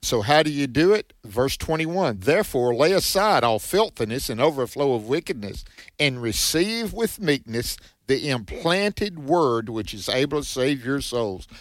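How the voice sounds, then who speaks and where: A man's voice: mid-range voice, sing-song, unhurried, no room sound. A man co-hosting a conversational Bible teaching, emphatic and preacherly, often saying amen. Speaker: co-host.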